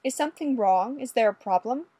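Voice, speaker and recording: A woman voicing a brisk, formal female police inspector. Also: on the high side, lively intonation, mellow, dry recording, voice pushed up. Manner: crisp, formal.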